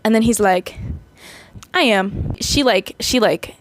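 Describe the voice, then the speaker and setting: A woman's voice: medium pitch, normal speed. A woman in her twenties recapping a movie in a rambling, chatty way, full of fillers. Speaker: vlogger.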